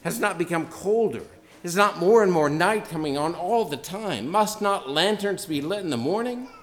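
A man's voice: sits high, lively intonation, moderate pace, pitched above the performer's own voice. A man in a sermon voicing a frantic madman who cries out in an impassioned, declaiming voice. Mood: anguished, frantic. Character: frantic, anguished male madman crying out. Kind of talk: dramatic reading within a sermon.

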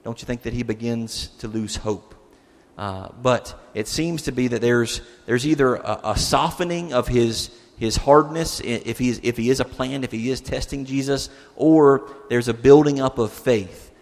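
A man's voice: medium pitch, moderate pace. A male pastor giving a conversational sermon, putting rhetorical questions to his listeners. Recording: long hall reverb.

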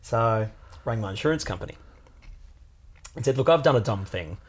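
A podcast co-host with a slightly rough voice tells a story in casual chat at a moderate pace. He's animated, slips into high, put-on voices when quoting people, and swears casually now and then.

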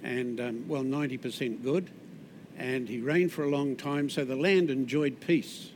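A man with a New Zealand accent preaching a sermon in a conversational way, with asides and restarts, often dropping soft on key words. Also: mid-range voice, fairly even intonation, moderate pace, a little hiss or hum.

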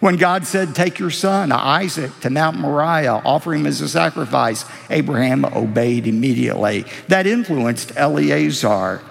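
Male pastor, gravelly and fairly high-voiced, preaching in a large echoing sanctuary. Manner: expressive preaching with rising emphatic lines. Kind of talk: sermon. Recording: reverberant hall.

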